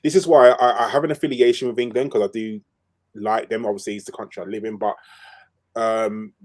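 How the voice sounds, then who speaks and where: Emphatic low-voiced male podcast host. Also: steady tone, brisk, darkish tone. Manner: emphatic and opinionated, with fillers. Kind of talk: casual football chat.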